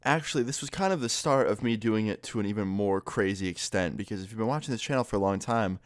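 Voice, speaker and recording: A man's voice: lowish voice, quick pace, dry recording, clean studio sound. A young man recounting a prank story in a casual vlog, laid-back, swearing freely and laughing as he goes. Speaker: YouTuber.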